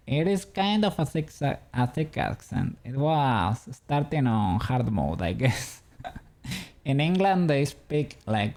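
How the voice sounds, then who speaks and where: Streamer, male, dark gravelly tone, rambling chat punctuated by chuckles. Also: medium pitch. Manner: rambling, chuckling often, self-correcting. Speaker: livestreamer doing 3D modeling. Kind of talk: casual chat with viewers.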